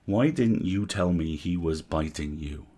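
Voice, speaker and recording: A man reading aloud as a kind, patient male elf animal healer, gentle and coaxing. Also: low voice, measured pace. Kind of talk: storybook character reading.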